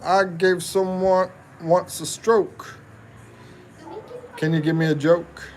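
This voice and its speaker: Slow, playful man in his fifties. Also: sits high, little pitch movement, darkish tone, slight background noise. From United States. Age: 50s. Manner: playful, joking, reading viewer comments aloud. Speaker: livestream host. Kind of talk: casual livestream chat.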